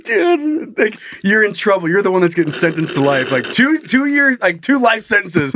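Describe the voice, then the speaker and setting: A man's voice: high voice, big pitch swings, moderate pace, few pauses, fairly bright tone, a little hiss or hum. A young man co-hosting a crude comedy podcast, swearing freely, giggling, and breaking into silly voices. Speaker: podcast co-host.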